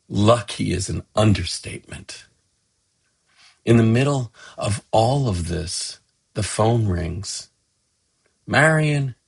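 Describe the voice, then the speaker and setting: A middle-aged man narrating a gentle, affectionate family story as a tribute to his father. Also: lowish voice, creaky, slightly rough. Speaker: son telling a family story.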